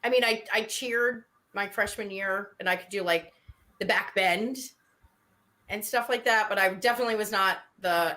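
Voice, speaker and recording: A middle-aged woman with a New York accent, co-hosting a casual chat, talkative and quick to laugh. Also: mid-range voice, bright, forceful tone. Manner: chatty, laughs often, slips into playful impressions. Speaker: podcast co-host.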